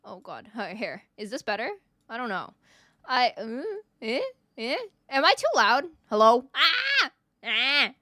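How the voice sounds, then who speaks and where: A woman's voice: fairly high pitch, very animated, measured pace, pushed and bright, no room sound, clean studio sound. A woman in her twenties chatting casually on a live stream into a desk mic, greeting viewers one by one, her voice a bit worn and giving out. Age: 20s. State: voice giving out, coughing.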